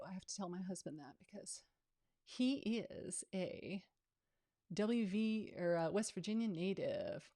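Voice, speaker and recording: A woman's voice: medium pitch, measured pace. Chatty, down-to-earth woman in her fifties. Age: 50s. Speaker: real estate coach. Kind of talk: live online training with Q&A.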